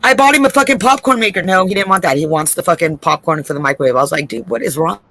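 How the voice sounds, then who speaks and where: A woman's voice: lowish voice, expressive, fast, gravelly, a bit bright, no echo. A woman in casual chat on a video call, swearing freely, rambling and laughing as she tells stories during a trivia game. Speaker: co-host playing a trivia game.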